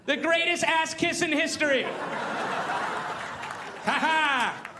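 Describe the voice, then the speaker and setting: A man's voice: extremely high pitch, takes it slowly, a crowd in the background, noisy background, voice pushed up. A comedian voicing a triumphant male alien from the far future, exclaiming and gloating.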